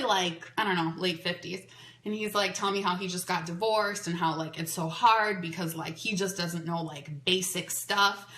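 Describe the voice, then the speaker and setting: A woman podcaster tells a long story in a chatty, animated way, with a "like" in nearly every sentence. Her voice is bright and sounds as if it was recorded in an echoey room. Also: fairly low pitch. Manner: chatty and animated, full of "like" fillers. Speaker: podcast host. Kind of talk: casual storytelling monologue. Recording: roomy echo.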